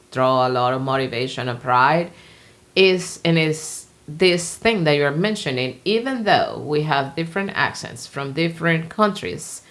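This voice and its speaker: A woman with a Venezuelan accent whose first language is Spanish, speaking low in her range with a gravelly edge. She talks as a podcast guest in an expressive, animated way. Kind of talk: podcast conversation.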